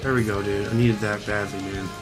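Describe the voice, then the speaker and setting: Young guy streamer freaking out and cussing, close to crying, loud music under him. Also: lowish voice, flat delivery, fairly quick. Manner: swearing, distraught, shouts and near tears. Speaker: gambling streamer. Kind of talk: livestream rant.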